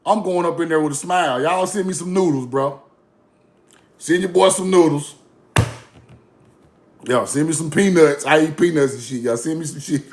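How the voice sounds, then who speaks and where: Gravelly high-voiced man ranting. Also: normal speed, pauses often. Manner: blunt, profane, mocking, repetitive. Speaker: online commentator. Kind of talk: casual rant to camera.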